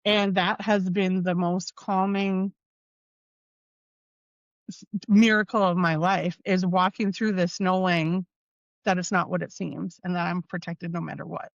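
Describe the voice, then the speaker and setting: A woman's voice: on the low side, fairly even intonation, unhurried, vocal fry, no echo, dull audio. A woman speaking as a podcast guest in an earnest, casual chat, with lots of "like" and "you know what I mean".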